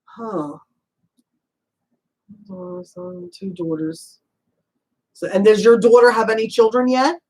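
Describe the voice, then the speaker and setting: A woman whose voice is fairly high, creaky, and full of big pitch swings is heard on a rough recording. As a psychic medium offering a casual reading, she chats warmly, calls the listener honey, says "you know" a lot, laughs often, and asks quick, searching questions.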